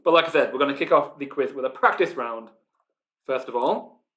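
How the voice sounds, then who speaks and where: Bright-voiced Yorkshire quiz host. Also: male voice, mid-range voice, a little fast. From Yorkshire, England. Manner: chatty, reads out team names, laughs often. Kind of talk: live online quiz hosting.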